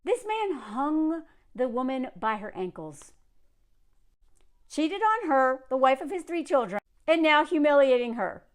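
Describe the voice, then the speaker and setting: A woman in her thirties talking in a casual commentary vlog, animated and sarcastic, rambling with lots of fillers and restarts. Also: high-pitched, a little slow. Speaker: commentary creator.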